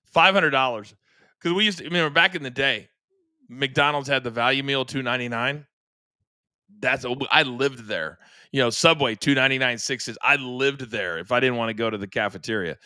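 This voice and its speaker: Male podcast host, middle-aged, animated storyteller, bright tense voice, dry close mic. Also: medium pitch, normal speed, clear, resonant tone, dry recording. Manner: animated storyteller, acts out quotes. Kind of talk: casual sports chat.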